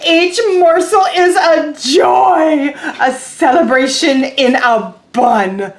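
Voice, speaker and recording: A woman voicing an excitable, possessive male pigeon while reading a picture book aloud, with loud, drawn-out exclamations. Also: sits high, pitched above the performer's own voice. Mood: excited.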